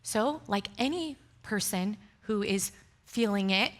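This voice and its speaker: A woman's voice: mid-range voice, takes it slowly. A woman pastor telling a personal story in a sermon, acting out the dialogue with laughter. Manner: animated, acts out dialogue with laughs. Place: church stage.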